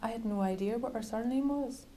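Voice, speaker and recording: Author reading aloud in a mellow voice. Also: female voice, on the high side, low-quality recording. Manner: measured, literary reading with wry asides. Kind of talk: reading from her novel. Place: bookshop reading event.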